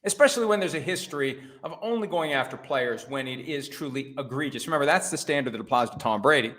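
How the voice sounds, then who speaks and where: Middle-aged guy doing a solo football talk monologue, wry, punches key words, mid pitch. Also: lively intonation, fast, fairly bright tone. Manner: wry, conversational, self-deprecating asides. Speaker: host.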